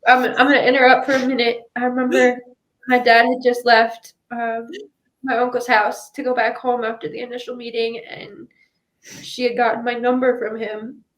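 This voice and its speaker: A woman's voice: a little high, flat delivery, normal speed. A woman guest in an interview, steadily recounting a personal memory. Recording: roomy echoing room audio.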